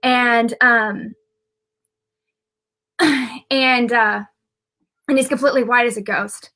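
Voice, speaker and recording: A woman's voice: a little high, fairly even intonation, slow, sharp tone. A woman who works as an intuitive medium, telling a personal story on a live video in a rambling way, with many fillers and restarts.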